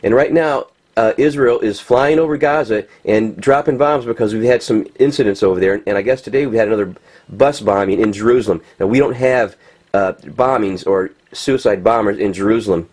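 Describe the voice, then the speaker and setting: Husky agitated American man ranting. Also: fairly low pitch, fairly quick, a little mellow. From United States. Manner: agitated, ranting, many restarts and fillers, swears. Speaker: vlogger. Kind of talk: unscripted commentary over pictures.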